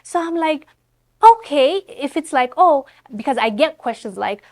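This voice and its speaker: A woman's voice: sits high, expressive, a little fast. Outspoken Ethiopian-accented woman. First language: Amharic. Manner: earnest and outspoken. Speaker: guest, Pan-African content creator. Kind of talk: conversational interview.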